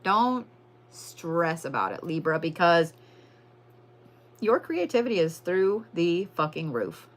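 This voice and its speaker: Brash, animated woman. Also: on the low side, slow, long pauses. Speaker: tarot and zodiac reader, livestream host. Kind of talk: live-stream tarot reading, casual and profane.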